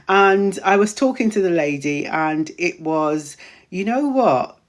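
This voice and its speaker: A chatty woman hosts a casual live stream and welcomes viewers one by one by name. She talks at a middling pitch, often repeats her phrases, and her voice is starting to sound a little hoarse. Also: lively intonation, takes it slowly. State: voice going hoarse. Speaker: menopause wellness practitioner and live-stream host.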